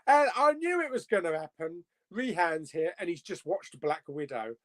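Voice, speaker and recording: A man's voice: sits high, lively intonation, normal speed, fairly bright tone. A young man casually hosting a live movie chat stream, reading out viewer comments, joking and laughing often. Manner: chatty, laughs often, jokey.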